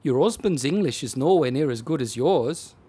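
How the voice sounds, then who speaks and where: A man reading aloud and voicing a weary, deadpan male policeman on the night desk in a storybook. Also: medium pitch, normal speed, husky.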